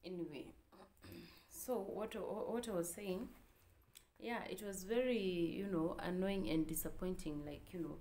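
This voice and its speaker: A woman's voice: lowish voice, measured pace, dark tone. A young Kenyan woman telling a personal story to her viewers, candid and emotional, with frequent fillers. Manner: candid, code-switching, emotional. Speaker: vlogger. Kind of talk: casual storytelling to camera.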